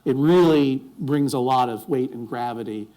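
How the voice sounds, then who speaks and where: A man's voice: medium pitch, normal speed, dark tone. A man speaking on stage before a live audience, wry and rambling, often restarting his sentences. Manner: rambling, self-interrupting, wry jokes.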